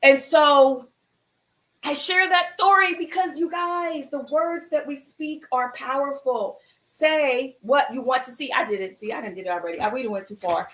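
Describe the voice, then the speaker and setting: Woman stream host, high voice, animated inspirational storyteller who acts out the quotes. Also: moderate pace. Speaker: host of a mindfulness livestream. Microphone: livestream computer mic.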